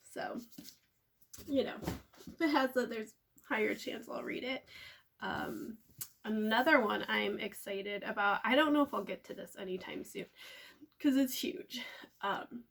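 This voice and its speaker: A young woman talking casually and excitedly about the books she bought, with plenty of "um" and "like.". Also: medium pitch. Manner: chatty, filler-heavy, excitable. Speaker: book vlogger. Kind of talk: casual book haul chat. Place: at home.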